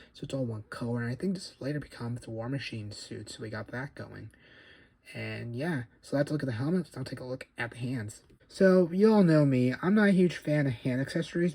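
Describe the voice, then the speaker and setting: A man's voice: medium pitch, vocal fry, a little mellow, breathy edge, dry recording. A man casually reviewing an action figure, rambling and correcting himself as he goes. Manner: rambling, self-correcting, chatty. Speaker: toy collector reviewer.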